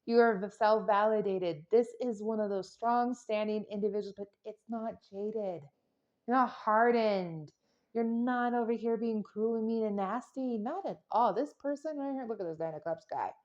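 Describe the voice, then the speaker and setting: A woman's voice: a little high, normal speed, a little mellow, muffled recording. Playful chatty woman reading tarot. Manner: chatty, playful, rambling, with silly sound effects. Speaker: tarot reader. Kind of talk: casual tarot reading to camera.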